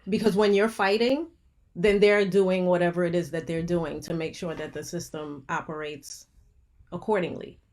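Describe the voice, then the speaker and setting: A woman speaks in a deliberate, explanatory way, setting out her argument during a casual podcast chat. Her voice sits a little low for a woman. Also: steady tone, a little mellow. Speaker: podcast co-host.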